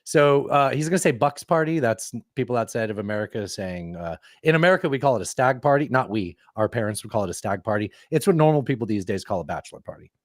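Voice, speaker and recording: A man's voice: mid-range voice, expressive, fast, hardly any pauses, no room sound, clean studio sound. A man hosting a podcast in casual chat, rambling and joking with lots of fillers. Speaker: podcast host. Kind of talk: casual chat, playing clips.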